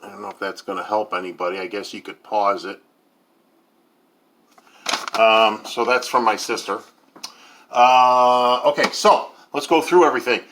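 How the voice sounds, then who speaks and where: A man's voice: lowish voice, moderate pace, long pauses, a bit bright, a little hiss or hum. A man in his fifties hosting a casual cooking video, talking in a rambling way with lots of ums and uhs. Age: 50s. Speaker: home cook host.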